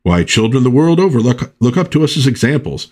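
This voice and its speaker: A man's voice: medium pitch, sing-song, brisk, darkish tone, pitched above the performer's own voice. A man reading the lines of an old-fashioned patriotic superhero who lectures younger heroes in folksy, old-timey phrasing. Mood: lecturing. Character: old-fashioned patriotic male superhero, stern but kindly.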